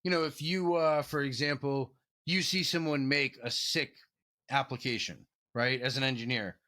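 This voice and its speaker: A man's voice: medium pitch, normal speed, pushed and bright. A man, a podcast guest, telling stories in a loose, profane, casual way, full of "like" and "um". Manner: profane, loose, filler-heavy talk. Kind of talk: casual storytelling in an interview.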